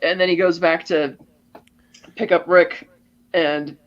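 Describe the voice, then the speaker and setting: A man's voice: on the high side, fairly even intonation, takes it slowly, lo-fi sound. A man co-hosting a podcast, animatedly retelling a movie scene and acting out the characters' lines. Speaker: podcast co-host. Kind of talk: casual film recap.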